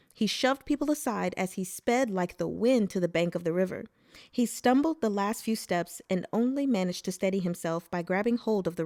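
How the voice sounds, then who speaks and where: A woman reading a novel aloud as narrator, in a plain, steady storytelling manner. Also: medium pitch, dry recording, studio quality. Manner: plain steady narration, voices dialogue briefly. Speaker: audiobook reader.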